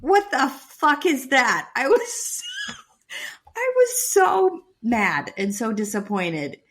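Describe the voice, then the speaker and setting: A woman co-hosting a podcast, reacting to a reality show in casual chat with exasperated outbursts and many quick agreements. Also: high-pitched. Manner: slow, lively, exasperated reactions with frequent backchannels. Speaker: podcast co-host.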